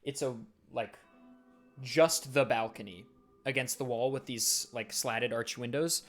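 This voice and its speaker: A man's voice: mid-range voice, a little slow, fairly bright tone, faint music behind. A man runs a tabletop game, describing the scene in a loose, casual way. He fills his talk with "like" and "uh" as he narrates. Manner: casual, filler-heavy description. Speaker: dungeon master.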